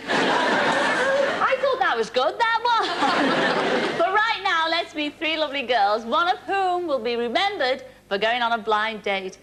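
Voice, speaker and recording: Woman game show host, cheeky banter, slightly high voice, noisy studio audience. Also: sing-song, slow, over a noisy crowd. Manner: cheeky, joking and teasing. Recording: TV studio with loud audience noise.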